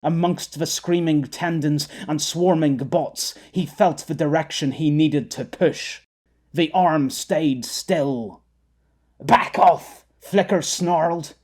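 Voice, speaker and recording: Husky male audiobook narrator. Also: a little high, darkish tone. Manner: measured storytelling. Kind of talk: scripted narration.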